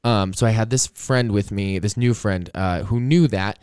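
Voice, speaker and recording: Young male podcast host, low smooth voice, rambling casual storyteller, dry close sound. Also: normal speed, dry recording. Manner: rambling, animated storyteller with many "like"s and profanity.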